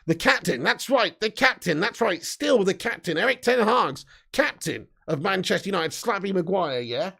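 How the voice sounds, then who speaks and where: A man in his thirties hosting a live football fan stream, joking, laughing and shouting out viewers. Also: high voice, lively intonation, normal speed, vocal fry, few pauses. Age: 30s. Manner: laughing, jokey, loud shout-outs. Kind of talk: casual live-stream banter.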